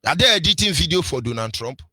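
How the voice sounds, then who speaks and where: On the radio, a Nigerian-accented man gives heated political commentary in a slightly high, strikingly sharp and forceful voice. He preaches very animatedly and fast, pounding out rhetorical questions with a sing-song lilt. The recording is close and dry, with no sense of a room.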